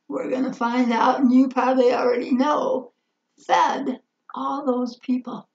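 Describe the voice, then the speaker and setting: Slow, expressive woman telling a Bible story. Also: high voice. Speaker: Bible teacher. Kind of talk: children's Bible story lesson. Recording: roomy, slightly dull recording.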